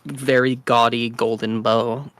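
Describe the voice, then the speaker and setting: A young woman streaming a game, chatting casually and swinging between loud outbursts and quiet mumbles. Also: extremely low pitch, fairly even intonation, slow, dry recording. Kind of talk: casual chat while gaming.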